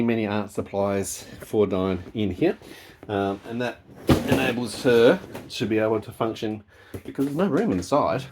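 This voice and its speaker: A man's voice: fairly low pitch, darkish tone, slight background noise. A man with an Australian accent narrating a casual vlog, giving a running commentary as he does household chores. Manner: chatty, running commentary while doing chores. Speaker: vlogger.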